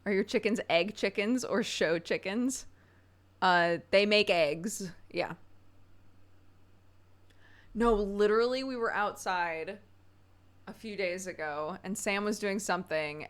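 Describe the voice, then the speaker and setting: A woman streams a game while chatting casually with her viewers, rambling and laughing often. Her voice is medium-pitched and her pace a little slow.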